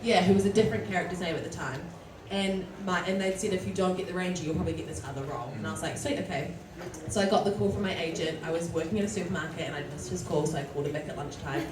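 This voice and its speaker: A woman, an actor telling a story on a convention panel. Her talk is chatty and animated. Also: on the low side, racing, hardly any pauses. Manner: chatty, apologetic, animated when retelling. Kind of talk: casual storytelling on stage. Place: large convention hall. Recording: echoey hall from far off, crowd noise. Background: audience crowd.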